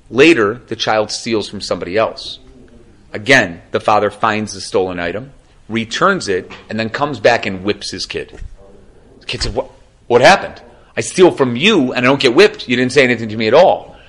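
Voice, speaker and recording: A man giving a Torah class as a rabbi, telling stories with animated asides. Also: lowish voice. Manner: animated storytelling, quick asides. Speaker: rabbi lecturer.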